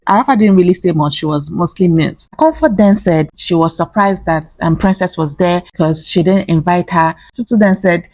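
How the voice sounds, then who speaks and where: A woman's voice: sits low, darkish tone, dry recording. A woman giving a chatty reality TV recap, full of laughs and asides. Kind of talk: casual gossip recap.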